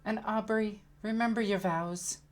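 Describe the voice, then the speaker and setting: A woman playing a tabletop game, speaking in a relaxed, dry manner and sometimes in character. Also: medium pitch, measured pace. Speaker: player. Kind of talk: casual tabletop play.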